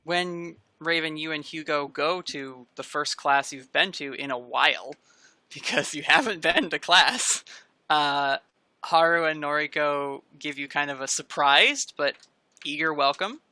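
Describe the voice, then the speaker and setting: A woman narrating as game master of a tabletop game, in a relaxed, chatty way. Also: low voice, no room sound. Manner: relaxed, chatty narration with quick voiced asides.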